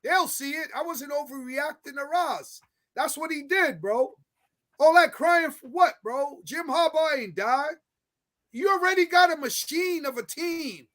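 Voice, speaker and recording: A man with a very high voice hosts a loose sports chat. He is brash and argumentative, piling on slang as he rants. He sounds like a regular behind the mic. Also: unhurried, a bit bright. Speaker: sports podcast host.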